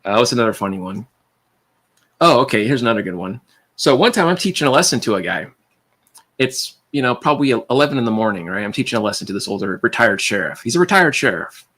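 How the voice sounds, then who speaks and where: A man hosting a livestream, rambling through animated anecdotes and quoting people in his stories. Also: mid-range voice, fast talker. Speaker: livestream host. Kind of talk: casual storytelling chat.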